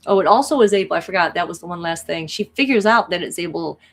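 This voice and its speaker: Rambling, animated woman vlogger, lowish voice. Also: fast talker, vocal fry. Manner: animated, rambling, many restarts. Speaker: spiritual vlogger. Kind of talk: casual story retelling.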